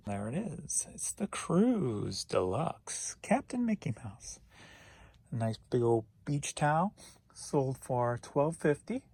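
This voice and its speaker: A man's voice: mid-range voice, creaky, darkish tone, slightly rough, dry recording. A man from St. Louis, Missouri, an eBay reseller who chats easygoingly in a casual vlog. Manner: easygoing and chatty, with quick asides.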